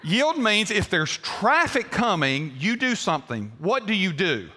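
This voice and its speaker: A man's voice: sits high, big pitch swings, measured pace, pushed and bright, long reverb tail. An older man, preaching a sermon to his congregation in a folksy way and asking them questions. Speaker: pastor. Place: church sanctuary.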